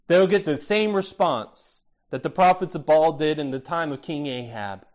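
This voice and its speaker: A man preaching a sermon, expressive, asking rhetorical questions and acting out the voices he quotes. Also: a little high, measured pace, few pauses. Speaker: pastor.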